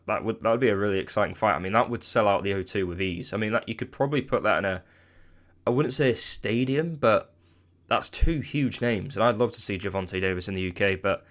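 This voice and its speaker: A man giving casual solo commentary on boxing, chatty and hedging with asides. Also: fairly low pitch. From United Kingdom. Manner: chatty, hedging with "I mean" and "let's be honest".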